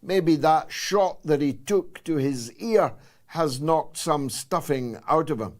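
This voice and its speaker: A Scottish man in his sixties hosting a political talk show, delivering a sarcastic, emphatic monologue with dramatic pauses. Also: on the high side. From Scotland. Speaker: host.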